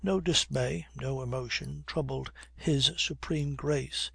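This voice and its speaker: A man reading a historical novel aloud as an audiobook narrator, measured and even. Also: medium pitch, gravelly, husky, dry recording, studio quality. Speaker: audiobook reader.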